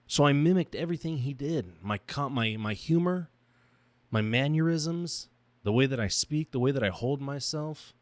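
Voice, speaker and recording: A man's voice: medium pitch, lively intonation, moderate pace, dry recording. A young man hosting his own podcast, talking about himself in a raw, emotional monologue that halts and restarts. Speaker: podcast host. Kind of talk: personal reflective monologue.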